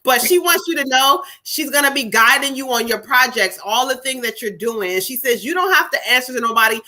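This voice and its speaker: A woman's voice: sits high, expressive, fairly quick, sharp tone. A woman doing live psychic readings on a stream. She talks in a casual, earthy way, swears freely, and passes on spirit messages in quotes.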